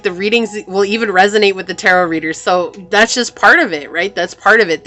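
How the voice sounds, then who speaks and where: A woman's voice: mid-range voice, sharp tone. A woman giving a pick-a-card tarot reading in a chatty, reassuring way, full of "like" and "you know". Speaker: tarot reader.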